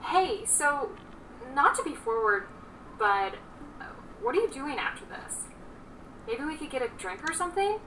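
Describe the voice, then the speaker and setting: A woman's voice: high voice, big pitch swings, normal speed, sharp tone, slight background noise, heavily acted. An actress voicing an eager young woman who gushes and stammers as she meets her old neighbor. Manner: gushing, stammering. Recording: distant, with clear music.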